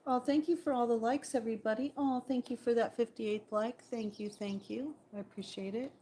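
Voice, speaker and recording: A woman's voice: fairly high pitch, steady tone, fairly quick, warm tone, a little hiss or hum. A woman chatting playfully to her viewers on a casual livestream, thanking them and talking about the birds outside. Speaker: livestream host.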